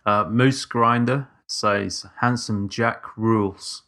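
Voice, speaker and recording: A man's voice: lowish voice, fairly even intonation, a bit bright. Male co-host on a podcast, reads messages out, takes his time. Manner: reads listener messages out slowly. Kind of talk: casual podcast discussion.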